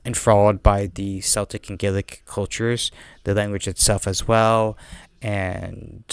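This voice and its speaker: A man's voice: on the low side, flat delivery, vocal fry, clean tone, dry recording. A man with a heavy non-native accent, chatting casually as a podcast host, rambling with lots of fillers and restarts. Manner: rambling, fast talker with many fillers and restarts. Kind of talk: casual chat.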